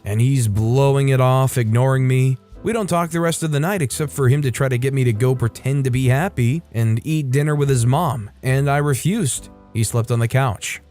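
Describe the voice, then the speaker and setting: A man's voice: medium pitch, moderate pace, darkish tone, faint music behind. A man hosting a channel, reading stories aloud in a casual, conversational way and adding his own commentary. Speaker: host and reader of online stories.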